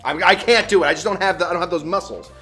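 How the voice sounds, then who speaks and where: A man's voice: high voice, rapid-fire, soft background music. A man co-hosting a casual livestream, joking around in a self-deprecating way. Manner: animated, self-deprecating, jokey. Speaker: co-host.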